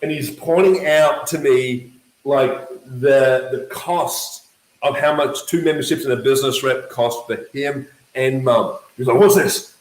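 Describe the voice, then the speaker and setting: A man with an Australian accent telling a lively motivational story about network marketing, acting out the voices he quotes. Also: medium pitch, a little slow, echoey room, poor audio. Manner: energetic, acts out quoted voices.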